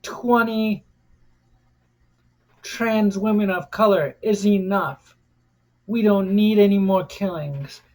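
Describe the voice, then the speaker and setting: A woman's voice: mid-range voice, slow pace, long pauses, darkish tone. An American woman vlogger giving an impassioned, defiant rant, cursing freely and repeating phrases for emphasis. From United States.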